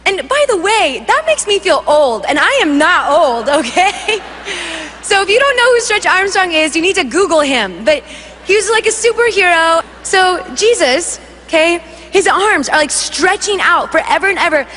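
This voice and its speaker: Young woman, high bright voice, animated storyteller at a church stage mic, long hall reverb. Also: normal speed, slight background noise. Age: young adult. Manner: animated storytelling, acts out voices, laughs often. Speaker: worship leader giving testimony. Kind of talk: testimony preached to a congregation.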